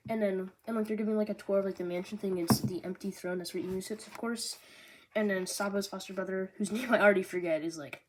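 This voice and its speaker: A woman's voice: mid-range voice, fairly quick. Bubbly young woman vlogger, noisy recording. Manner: bubbly, filler-heavy, jokey asides. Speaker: manga review vlogger. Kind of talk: casual chat.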